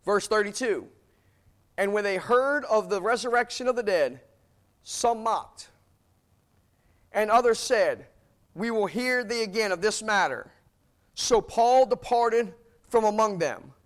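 Male preacher, very high voice, emphatic and repetitive sermon delivery. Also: lively intonation, unhurried, long pauses. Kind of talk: sermon with scripture reading.

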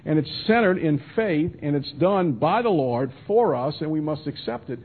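A man's voice: a little high, expressive, moderate pace, husky. A man teaching verse by verse through a Bible passage in a conversational manner with frequent restarts and asides, heard as a radio broadcast. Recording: tinny phone-line radio broadcast.

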